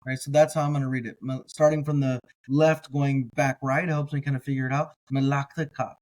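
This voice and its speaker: A man teaching a slow word-by-word reading lesson, sounding out each syllable carefully and adding casual asides. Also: mid-range voice, level tone, darkish tone, poor audio. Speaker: biblical language teacher.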